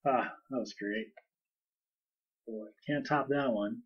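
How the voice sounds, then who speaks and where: A man co-hosting a casual podcast, chatting in an animated way and now and then slipping into goofy voices. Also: mid-range voice, slow, breathy edge. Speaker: podcast co-host. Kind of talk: casual chat. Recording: distant, dull lo-fi mic.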